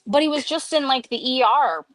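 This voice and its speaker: A woman chatting casually on a live stream. She tells stories in an animated way and acts out the quotes in a raised voice. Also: sits high, normal speed, no echo. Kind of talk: casual chat.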